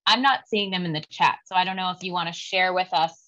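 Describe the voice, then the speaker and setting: Bright-toned woman moderating, muffled call audio. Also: fairly low pitch, fast. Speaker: webinar moderator. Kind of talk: polite interjection.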